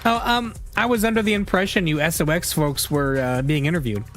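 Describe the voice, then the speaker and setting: A man voicing a cheerful, eager young woman reporter in a game read-through, talking high and bubbly. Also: a little fast, fairly bright tone, faint music behind, close to an everyday voice. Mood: hesitant.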